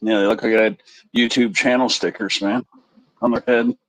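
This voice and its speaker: A man's voice: on the low side, fairly even intonation, moderate pace, dry recording, poor audio. A man hosting a live stream, chatting casually and crudely to his viewers in a rambling way. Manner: rambling, crude, talks straight to the chat.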